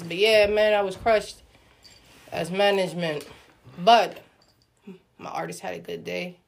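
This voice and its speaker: A woman in casual conversation, talking in a loose, slangy way and telling animated stories. Her voice sits at an ordinary middle pitch for a woman, and she comes across as easygoing and expressive. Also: unhurried, gravelly, pauses often. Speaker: podcast host and music manager. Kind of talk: casual chat.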